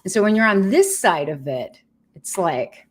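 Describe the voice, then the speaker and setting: A woman's voice: medium pitch, big pitch swings, normal speed, breathy edge. A woman in her fifties talking candidly to her viewers on a livestream, earnest, blunt and heartfelt. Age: 50s. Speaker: vlogger sharing her cancer treatment.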